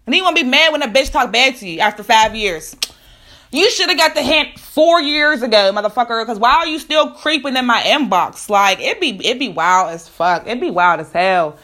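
A woman's voice: a little high, expressive, normal speed, pushed and bright. A woman, ranting bluntly to camera, profane and emphatic with repeated rhetorical questions.

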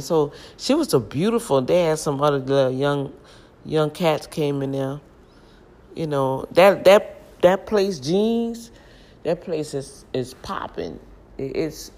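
Chatty New woman telling stories. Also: sits low. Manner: animated, chatty, laughs at herself. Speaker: vlogger. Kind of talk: casual storytelling vlog. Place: home kitchen, indoors.

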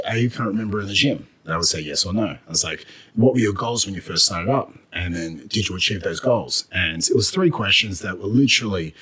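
An Australian man, a fitness business coach, telling stories in casual podcast chat, animated when excited. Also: low voice, breathy edge.

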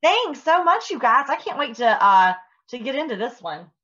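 A woman in her thirties co-hosting a casual chat, excitable and gushing, and she swears when surprised. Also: fairly high pitch, normal speed, highs cut off. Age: 30s. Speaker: podcast co-host.

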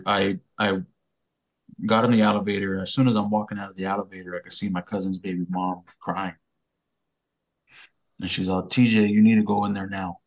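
A man guest on a podcast telling a personal story in loose, profane street slang, rambling and unpolished. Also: low-pitched. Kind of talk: casual storytelling.

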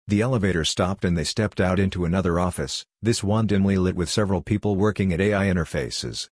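A man narrating a science-fiction story in plain, even scripted narration. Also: low voice, quick pace, few pauses, breathy edge, no echo, studio quality.

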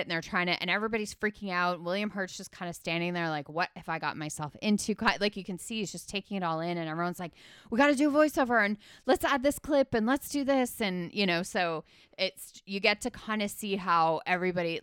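A woman's voice: on the low side, a bit bright, clean tone, no room sound, clean studio sound. A woman in casual chat, retelling a film scene by scene with lots of fillers and acting out the characters' lines. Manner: chatty, filler-heavy, acts out the characters' lines.

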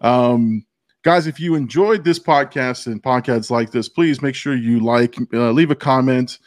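A man hosts a casual film podcast with a beer in hand, relaxed and freely profane. His voice sits at an ordinary middle pitch. The close mic sounds dry. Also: measured pace, no room sound. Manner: laid-back, profane, drinking beer on air. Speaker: podcast host.

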